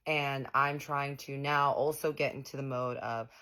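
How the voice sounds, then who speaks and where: A young woman with a notably low speaking voice tells a story straight to her phone camera. She is dramatic, sassy and foul-mouthed, addressing her viewers as if gossiping with friends. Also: steady tone, a little slow, few pauses, pushed and bright. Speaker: storytime vlogger.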